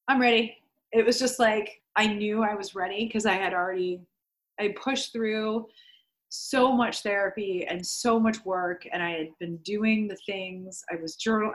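A woman's voice: medium pitch, measured pace. A young woman, a podcast guest, candidly telling her story in casual speech full of "like" fillers and the odd swear word. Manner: chatty, swears freely, many "like" fillers.

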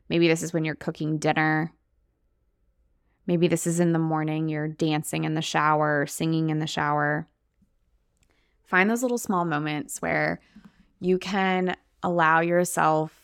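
A woman's voice: low-pitched, smooth, dry recording, clean studio sound. A young adult woman hosting her own podcast as a coach, talking casually and upbeat, often laughing. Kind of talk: casual solo podcast talk.

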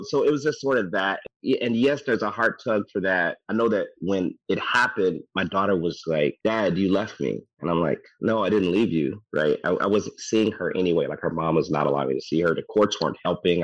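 A man's voice: low-pitched, dry recording. A man speaking candidly and reflectively in a casual conversation, often restarting his sentences. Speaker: divorced father in a group conversation. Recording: dull lo-fi dry sound.

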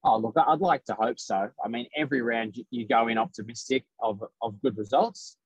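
A man's voice: medium pitch, brisk, dull audio. A man, a race driver telling a story in casual podcast chat and acting out the lines of others. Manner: animated storyteller acting out quotes.

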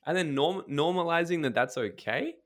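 A blunt man talks on a podcast in a casual, emphatic way, swearing freely as he makes his points. He tells stories with quick asides. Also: on the high side, animated, fairly bright tone.

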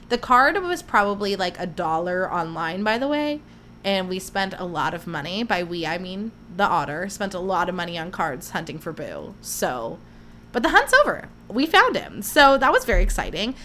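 A woman's voice: medium pitch, fairly bright tone, slight background noise. A young woman hosting a casual solo podcast, telling chatty, gushing stories and acting out what people said. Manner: chatty, gushing storyteller who acts out quotes. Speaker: podcast host.

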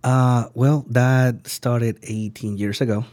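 A man, a sushi chef telling his story as a guest, halting and searching for words and acting out the people he quotes. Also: mid-range voice, steady tone, darkish tone, no echo. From Venezuela. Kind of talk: casual storytelling interview.

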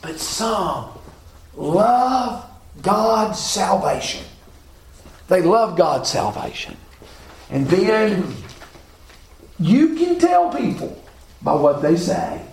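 A man's voice: sits high, very animated, extremely slow, pauses often, a little mellow, reverberant, rough recording. A man teaching a Bible class, asking his listeners questions and repeating key phrases.

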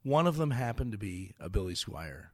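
A man's voice: lowish voice, sing-song, normal speed, no echo, clean studio sound. A comedian in his forties telling a story on a podcast, acting out the dialogue with lots of energy. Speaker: comedian guest.

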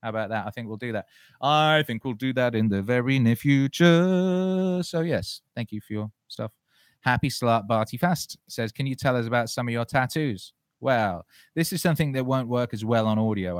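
A man's voice: on the low side, no echo, clean studio sound. A man hosting a listener question show, chatting loosely and profanely, rambling with frequent restarts. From England. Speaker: podcast host answering listener questions. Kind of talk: casual solo chat.

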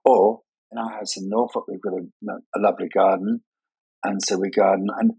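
A man's voice: on the low side, little pitch movement, normal speed, gravelly, mellow, breathy edge, dry recording, poor audio. Chatty older man telling stories, dry sound. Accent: none, sounds English despite Scottish upbringing. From Scotland. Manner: chatty, self-mocking storyteller, playful asides. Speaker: guest, party and wedding designer. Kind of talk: anecdotal conversation.

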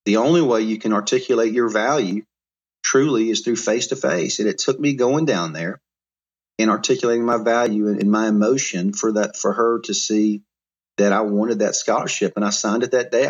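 A middle-aged man from Alabama, telling life stories as an interview guest in an animated way with frequent restarts. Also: medium pitch. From Mobile, Alabama. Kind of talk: storytelling interview.

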